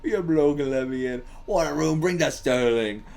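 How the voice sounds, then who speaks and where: A man voicing a gruff, boozy London tavern keeper with an attempted British accent, reading the lines haltingly and stumbling over the slang. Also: a little high, a little mellow. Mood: grumbling.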